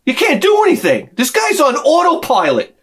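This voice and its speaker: A middle-aged man ranting to camera as a vlogger, profane and sarcastic, dropping to mutters and then shouting his outbursts. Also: very high voice, wildly swooping pitch, moderate pace. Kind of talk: rambling comic rant to camera.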